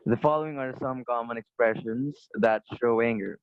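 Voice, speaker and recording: A man's voice: medium pitch, moderate pace, hardly any pauses, no room sound. A man student reading a passage aloud steadily, correcting small slips as he goes. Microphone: video call. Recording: dry, muffled call audio.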